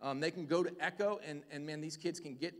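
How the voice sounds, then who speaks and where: Enthusiastic pastor, a bit high-pitched, announcing from a reverberant church hall. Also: male voice, fast talker. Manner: energetic, enthusiastic, fillers like "man". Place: church sanctuary.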